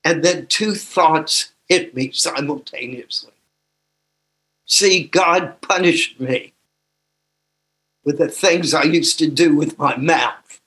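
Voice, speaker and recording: An older man with a slight tremor in his voice, sharing his own story slowly and emotionally with a recovery group. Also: fairly high pitch, a bit bright. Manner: slow and emotional, with laughter. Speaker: recovery workshop speaker. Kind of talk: personal sharing talk.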